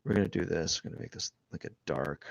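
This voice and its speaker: A man streaming live as he draws, rambling and thinking aloud, restarting his sentences and often trailing off quietly. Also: a bass voice, quick pace, gravelly, no echo. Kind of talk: casual live-stream narration while drawing.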